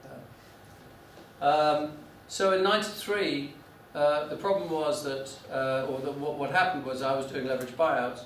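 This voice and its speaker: A man's voice: a little high, fairly even intonation, unhurried, fairly bright tone, slight background noise. A man lecturing a class, telling a business story with many restarts and fillers. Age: 40s. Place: lecture room. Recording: echoey room, mic from a distance.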